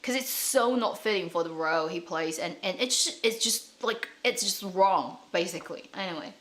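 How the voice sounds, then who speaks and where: A woman hosting an online drama commentary channel, chatting casually in an animated, ranting way with frequent laughs and fillers. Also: on the low side, moderate pace. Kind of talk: casual chat.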